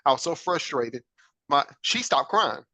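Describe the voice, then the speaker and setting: This adult father hosts a podcast, sharing a personal story in an earnest, reflective way and frequently asking "right?". He speaks unhurriedly in a slightly high, sing-song voice with a sharp edge. There's no echo, but the audio quality is poor.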